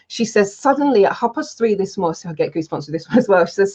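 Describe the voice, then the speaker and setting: A woman's voice: mid-range voice, fairly quick, husky. A woman, a healing coach telling stories in a casual webinar talk and acting out the quoted speech. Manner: lively storytelling, acts out quoted speech. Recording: dull lo-fi sound.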